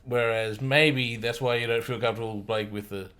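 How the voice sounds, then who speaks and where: A man's voice: mid-range voice, steady tone, normal speed, fairly bright tone. A man co-hosting a board game podcast, joking and teasing his friends in casual chat. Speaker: podcast co-host.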